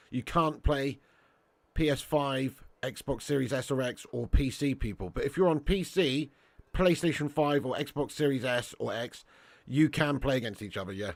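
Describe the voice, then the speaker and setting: A man's voice: a little high, no echo. A young man hosting a casual live watch-along, reading chat and bantering with viewers as lad and mate.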